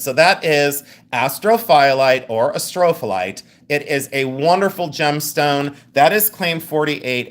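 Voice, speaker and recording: Rings and pendants get an enthusiastic rundown from a male live-stream jewelry seller whose mid-range voice has a fairly bright tone. He chats casually throughout, cracking jokes and laughing.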